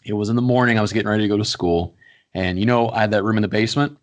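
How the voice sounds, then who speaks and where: A young man co-hosting a podcast, talking in a blunt, profane and animated casual chat. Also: fairly low pitch, racing. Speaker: podcast co-host.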